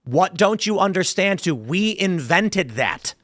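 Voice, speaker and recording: A man hosting a casual talk show, arguing quickly and reading out viewer comments. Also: sits high, big pitch swings, a bit bright, no echo, studio quality. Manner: argumentative, fast, mock-quotes people in asides. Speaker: host.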